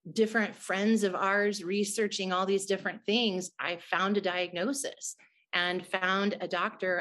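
A woman's voice: medium pitch, fairly bright tone. A middle-aged woman, a guest in an interview, telling a personal testimony in an earnest, emotional way.

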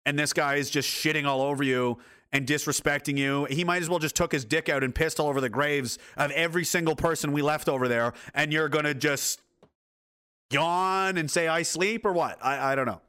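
A man's voice: a little high, fairly even intonation, fairly quick, sharp tone, clean tone. A man reacting to news reports and photos in a sarcastic, angry, heavily profane rant. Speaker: commentator.

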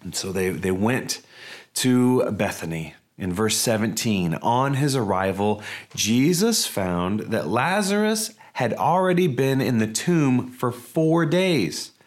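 A man's voice: mid-range voice, lively intonation, takes it slowly. A man, a pastor, preaching a sermon in a conversational, emphatic way with rhetorical questions.

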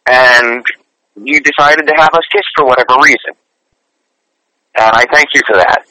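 A man's voice: mid-range voice, normal speed, pushed and bright, no echo, rough recording. A man guesting on an interview, a singer who tells his stories in an earnest, chatty way. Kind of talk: casual interview storytelling.

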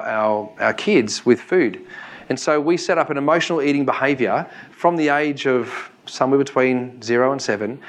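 Australian man, 40s, easygoing seminar presenter, mid-pitched voice. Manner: chatty, jokey, asks the audience questions. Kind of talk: live talk to an audience. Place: room with a live audience.

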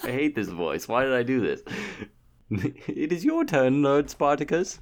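A man co-hosting a comedy podcast, keeping time and bantering playfully with frequent giggles. His pitch swings widely as he talks. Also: very animated, a little slow. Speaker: co-host and timekeeper.

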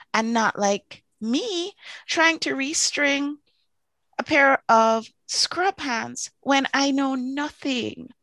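A woman telling a long story in a chatty, animated way, full of asides, now and then jumping up into high excited voices. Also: no room sound. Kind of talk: casual storytelling to camera.

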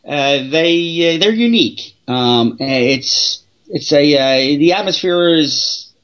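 A man who investigates the paranormal, talking through his stories in a halting way with many restarts and fillers. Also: on the high side, expressive, fairly bright tone, dull audio. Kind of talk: casual interview storytelling.

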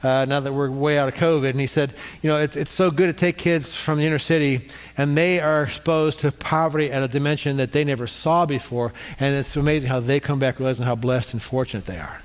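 A man's voice: mid-range voice, steady tone, fairly quick, clean tone. A middle-aged male pastor preaching a sermon, leading the congregation in call-and-response.

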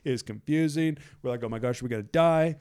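A man in casual faith chat, retelling a Bible story in a loose, animated way, full of fillers and acted-out voices of a panicked crowd. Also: a little high, quick pace, clear, resonant tone. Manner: loose and animated, many fillers like "like" and "you know".

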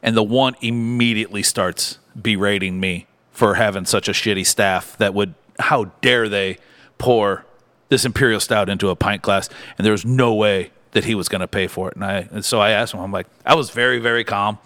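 Man, Midwestern American accent, low pitch, bar owner, casual storytelling, animated, swears freely. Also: moderate pace. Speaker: bar owner and podcast co-host.

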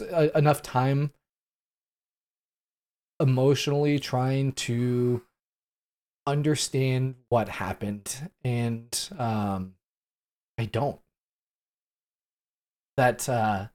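A man in his late thirties giving solo commentary on news events, talking in an earnest, halting way with many fillers and restarts. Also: medium pitch, steady tone, a little mellow. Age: late 30s. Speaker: podcast host.

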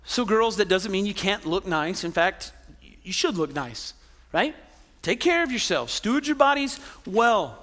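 Pastor, male, high bright voice, chatty sermon with jokes, big reverberant hall. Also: very animated, unhurried. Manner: conversational, joking asides, tag questions.

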